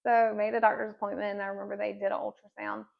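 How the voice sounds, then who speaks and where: A woman's voice: mid-range voice, level tone, fast talker, creaky, narrow, tinny audio. A woman in her thirties giving an earnest personal faith testimony as a podcast guest, telling her story with many casual fillers.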